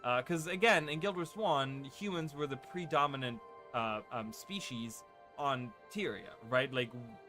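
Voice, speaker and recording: A man of middle pitch chats through a game playthrough in a loose, rambling way, peppering his talk with fillers and quick "right?" asides. He speaks into a desk microphone, and game music runs clearly underneath the whole time. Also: sharp tone. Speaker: gaming channel host. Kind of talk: casual let's-play commentary.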